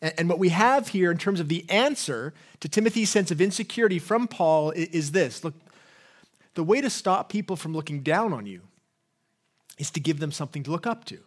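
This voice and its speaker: Higher-voiced English man preaching conversationally. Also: expressive, fairly quick. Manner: conversational, with rhetorical questions and frequent "right?". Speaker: pastor. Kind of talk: sermon.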